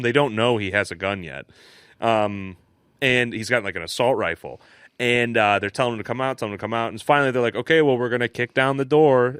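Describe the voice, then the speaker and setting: A man's voice: clean tone, no echo, clean studio sound. A young man co-hosting a casual podcast, telling stories and acting out the people in them with big jumps in his voice. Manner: animated storyteller, acts out quotes with big pitch jumps. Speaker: podcast co-host.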